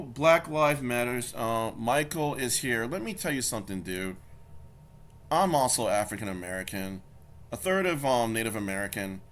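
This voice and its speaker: Male reaction commentator, confrontational, swears freely, very animated delivery. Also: mid-range voice. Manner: heated, confrontational, swearing, repeats himself. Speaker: YouTube commentator.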